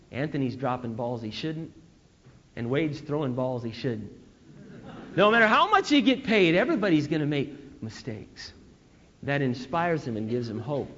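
A man preaching a sermon, telling stories in an animated way that swings from loud to hushed. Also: a little high. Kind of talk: sermon on parenting. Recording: dull lo-fi recording with long hall reverb.

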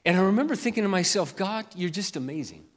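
Earnest pastor in an echoing hall. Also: male voice, high-pitched, lively intonation. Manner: earnest storytelling, swells loud and slow reading scripture. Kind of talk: sermon with personal story and scripture reading.

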